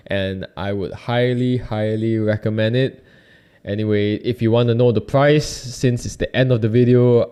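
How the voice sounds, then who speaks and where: A man's voice: mid-range voice, dark tone, clear, resonant tone. A young man, casually reviewing a microphone in a chatty, rambling way and correcting himself as he goes. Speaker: YouTube host reviewing a microphone.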